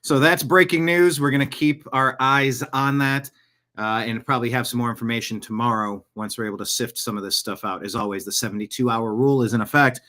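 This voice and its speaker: A man's voice: mid-range voice, fairly even intonation, brisk, bright, forceful tone. Rambling male podcast host, live chat. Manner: rambling, digressive, jokey asides. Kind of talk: casual live-show monologue.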